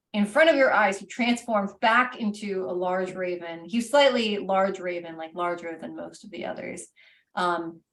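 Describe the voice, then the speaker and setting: A woman's voice: fairly low pitch, a bit bright. A woman game master casually narrating a tabletop game, full of fillers, recorded roomy and from a distance.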